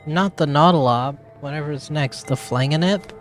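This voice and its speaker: A man's voice: on the high side, moderate pace, faint music behind. A man giving casual let's-play commentary with wry, profane asides. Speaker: game streamer.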